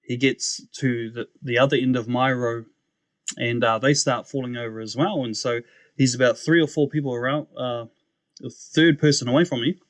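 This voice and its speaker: A young man, a podcast guest telling his story in a casual, animated way, acting out the voices he quotes and laughing often. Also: mid-range voice, normal speed, no echo.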